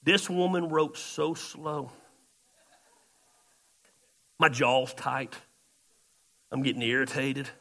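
A pastor delivers a sermon by way of a long personal story, speaking slowly and pausing often. His mid-range voice is gravelly and bright, swinging from quiet muttered asides to sudden loud exclamations.

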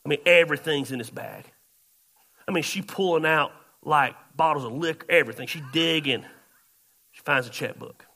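A man pastor, telling a story in a sermon, shifting between loud outbursts and quiet asides. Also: on the high side, normal speed, vocal fry.

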